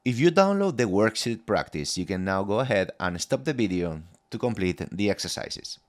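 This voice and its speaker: A man teaching a scripted Spanish lesson, modelling phrases clearly and deliberately for learners to repeat. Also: fairly low pitch, sing-song.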